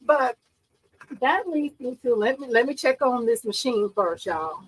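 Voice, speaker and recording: A woman's voice: a little high, unhurried, slightly rough, poor audio. A bubbly, chatty woman, hosting a casual livestream and talking to her viewers. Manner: bubbly, excitable, chatty, often laughing. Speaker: livestream host. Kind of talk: casual live-stream chat with viewers.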